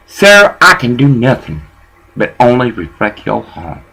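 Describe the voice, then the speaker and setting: A man rambles through a casual, profane story, and his pitch swings widely from line to line. His voice has a gravelly fry and a raspy, husky grain. It also sounds bright and tense. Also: unhurried, low-quality recording. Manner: profane, animated storytelling that mixes in bits of Spanish.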